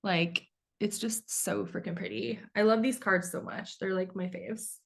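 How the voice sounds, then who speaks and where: A bubbly woman hosting a podcast, gushing with excitement and swearing offhandedly. Her voice sits in a middle register, and her talk is loose and conversational. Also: medium pitch, measured pace, creaky. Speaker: podcast host. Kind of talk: casual chat.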